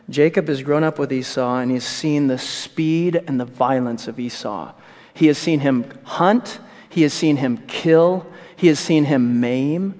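A man's voice: mid-range voice, steady tone, normal speed, darkish tone. A man preaching a sermon, retelling a scripture story vividly with asides. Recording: echoey hall with long reverb.

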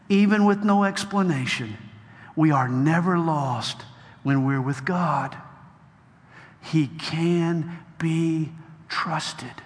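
A male preacher delivering a sermon and prayer to a congregation, emphatic and building to loud exhortation. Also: on the high side. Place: large hall with a crowd. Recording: long hall reverb.

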